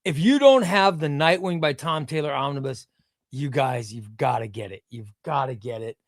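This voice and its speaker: In his home room with comic shelves, the livestream host chats casually about comics, rambling, repeating himself and responding to chat. His mid-range voice has lively intonation at a moderate pace, with clean studio sound and no echo.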